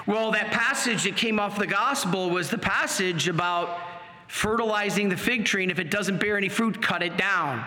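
A man telling a personal testimony in an animated, dramatic storytelling manner. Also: sits high, moderate pace. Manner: animated, dramatic storytelling with sudden pace shifts. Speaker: speaker giving a testimony. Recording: long hall reverb.

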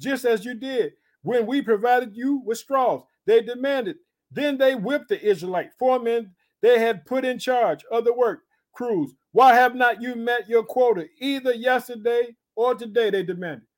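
A male preacher teaching from the Bible in a sermon, exhorting his listeners with frequent rhetorical questions and bursts of interjection. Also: high voice. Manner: punctuates with interjections.

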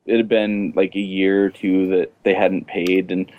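A man hosting a podcast, telling stories in a relaxed, chatty way and laughing often. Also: sits low, a little slow, narrow, tinny audio. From Canada. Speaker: podcast host. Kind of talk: casual storytelling chat.

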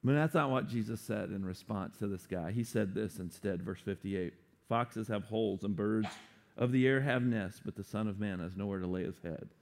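A man preaching a sermon, animated and playful, acting out quotes for humor. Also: lowish voice, normal speed. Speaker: pastor.

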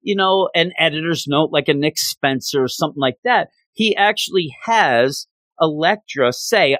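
A man with a slightly higher voice walks through a comic issue in a loose, rambling way, full of "you know" and "like." The sound is close and dry, with no room around it. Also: lively intonation, normal speed, fairly bright tone, no echo. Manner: rambling, chatty retelling with fillers. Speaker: comic book reviewer. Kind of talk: casual spoken review.

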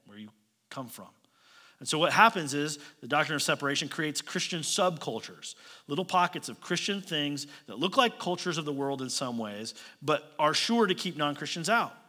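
A man preaching a sermon in a bright, forceful voice, pitched slightly above the usual male range. He talks conversationally, pressing his listeners with pointed questions and slipping in light jokes. His voice carries a long reverb from a large church hall. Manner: light joking asides. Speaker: pastor.

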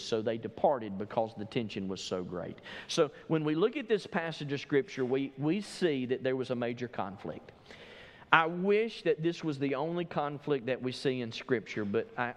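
A man's voice: mid-range voice, in a large hall. A male pastor preaching a sermon, walking through a Bible passage verse by verse and telling listeners what to underline. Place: church sanctuary.

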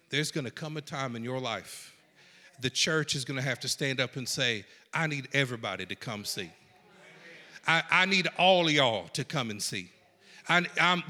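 A man preaching a sermon in a folksy, animated way, swinging from hushed lines to shouts. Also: fairly high pitch, long reverb tail. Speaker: pastor.

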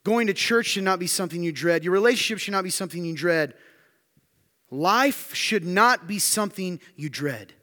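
A man's voice: animated, moderate pace. Emphatic preacher man in a reverberant hall. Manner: emphatic, building to loud high-pitched intensity; repetitive rhetorical questions to the congregation. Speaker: pastor. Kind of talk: sermon. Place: church hall.

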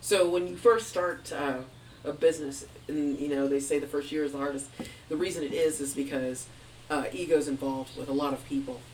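A middle-aged woman running her own music studio, telling stories with lively acted-out quotes and frequent laughter. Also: deep voice, brisk, recorded from a distance, a little hiss or hum, rough recording. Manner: animated storyteller, acts out quotes, laughs often. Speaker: music studio owner, guest. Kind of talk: casual interview conversation.

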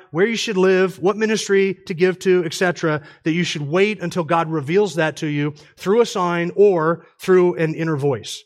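High-voiced man giving an emphatic sermon. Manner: emphatic, argumentative. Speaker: conference speaker. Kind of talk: conference sermon. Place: church.

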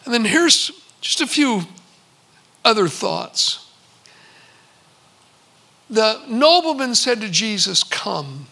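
A man in his sixties preaching a sermon, telling stories and slowing for emphatic pauses. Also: extremely high pitch, very animated, pushed and bright. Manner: storytelling, with slow emphatic pauses. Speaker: pastor.

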